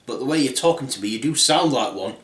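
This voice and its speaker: A man's voice: medium pitch, expressive, fast talker, a bit bright, lightly acted. Man doing a blunt cheeky Red Riding Hood. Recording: roomy echo.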